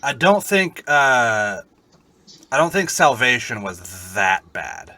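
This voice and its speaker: A man co-hosting a podcast, chatting casually and telling animated, profane stories. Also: mid-range voice, slow pace, a loud crowd. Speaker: podcast co-host. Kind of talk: casual chat.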